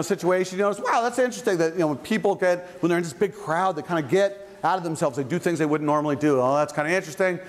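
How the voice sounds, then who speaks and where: High-voiced male professor in an echoey hall. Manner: conversational, playful with asides. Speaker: psychology professor. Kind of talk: university lecture. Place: large lecture hall.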